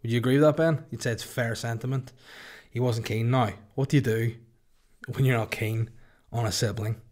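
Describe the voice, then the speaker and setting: A man's voice: medium pitch, steady tone, moderate pace, a little mellow. A Northern Irish man in his thirties, hosting a podcast in a casual, jokey, sweary storytelling chat. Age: 30s. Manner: rambling, sweary, jokey asides to his co-host. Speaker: podcast host.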